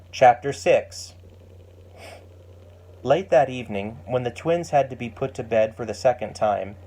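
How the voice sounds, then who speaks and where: A man reading a family story aloud as a steady, gentle narrator. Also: medium pitch. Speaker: audiobook narrator.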